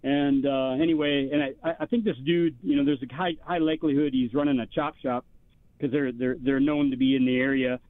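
A man's voice: medium pitch, fairly even intonation, brisk, dry recording. A man on a radio call-in show, telling a long story in a rambling way, full of fillers and restarts. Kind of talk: casual storytelling. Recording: tinny phone line, dry.

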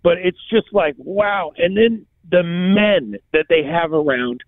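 A man chatting casually in a rambling, halting way, full of slang and restarts. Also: sits high, lively intonation, no echo. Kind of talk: casual chat. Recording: tinny phone line, dry.

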